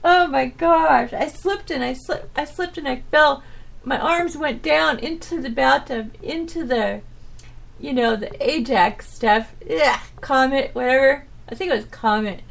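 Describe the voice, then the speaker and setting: High, gravelly-voiced woman chatting on. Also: a little slow, a bit bright. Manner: rambling, trails off, many fillers. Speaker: podcast host. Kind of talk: casual solo chat.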